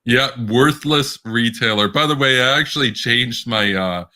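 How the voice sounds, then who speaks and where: A man's voice: mid-range voice, unhurried, sharp tone. A man co-hosting a casual political podcast, rambling with many restarts and bursts of laughter. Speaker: podcast co-host.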